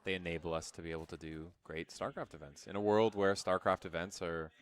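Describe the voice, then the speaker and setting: A man's voice: deep voice, fairly even intonation, a little fast. A young man commentating a live esports match, chatty and self-deprecating, trailing into fillers as he talks. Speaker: esports caster.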